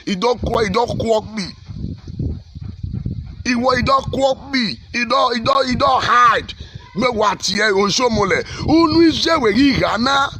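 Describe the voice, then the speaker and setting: A man's voice: extremely high pitch, measured pace, bright, forceful tone, a little hiss or hum. A man with a Nigerian accent, a pastor delivering fiery, repetitive exhortation on the state of his country. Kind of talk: impassioned social commentary.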